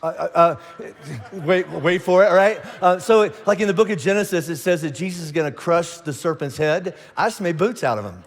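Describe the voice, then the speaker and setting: A man's voice: high voice, brisk, in a large hall. A man, a pastor preaching a sermon with a joking, playful manner and banter with the audience. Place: church auditorium stage.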